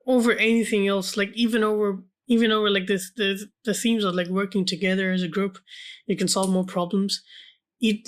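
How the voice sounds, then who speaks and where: A man co-hosting a film podcast in casual chat, speaking haltingly and filling his sentences with "like" and restarts. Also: high-pitched, a bit bright. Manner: hesitant, fills speech with "like" and restarts. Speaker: podcast co-host.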